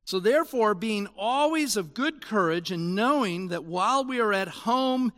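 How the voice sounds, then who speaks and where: A man in his sixties preaching a sermon in a conversational way, moving between loud emphasis and quiet asides. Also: sits high, animated, unhurried. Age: 60s. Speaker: pastor.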